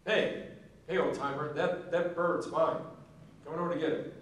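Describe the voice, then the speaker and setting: A man's voice: lowish voice, normal speed, lightly acted. A man doing a pushy, boastful young lawyer, hall echo. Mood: brash. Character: brash young male big-city lawyer, boastful. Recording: echoey banquet hall, distant mic.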